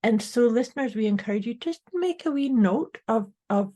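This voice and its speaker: A woman's voice: fairly high pitch, animated, moderate pace, dark tone. A woman co-hosting a podcast in an upbeat, casual way, speaking directly to her listeners. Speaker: podcast co-host. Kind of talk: casual motivational chat.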